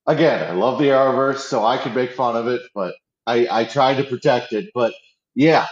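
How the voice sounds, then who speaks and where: A man's voice: mid-range voice, normal speed. Eager man, casual chat, roomy slightly dull recording, frequent restarts. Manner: enthusiastic, restarts often, acts out quotes. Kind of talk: casual pop-culture chat.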